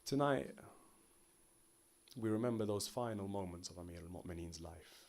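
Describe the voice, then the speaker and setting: A man's voice: low-pitched, moderate pace, darkish tone. A man giving a mournful sermon recitation, telling the story in emotive, rhythmic phrases that repeat. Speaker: religious speaker.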